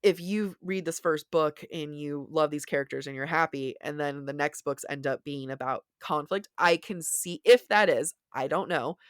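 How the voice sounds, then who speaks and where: A woman's voice: low-pitched, moderate pace, few pauses, clean tone, dry recording, studio quality. A woman co-hosting a podcast, chatting casually about books in a rambling, self-deprecating way with many restarts. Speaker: podcast co-host. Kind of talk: casual book chat.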